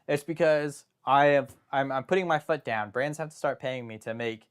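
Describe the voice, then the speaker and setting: A man's voice: medium pitch, normal speed, smooth. A young man hosting a live stream, chatting casually and rambling through joking asides and self-interruptions.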